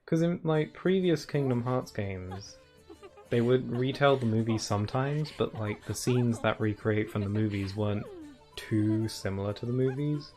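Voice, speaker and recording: A man's voice: mid-range voice, moderate pace, darkish tone. A man giving casual let's-play commentary while streaming a game, chatty and rambling, laughing often and filling his talk with "like". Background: faint game music.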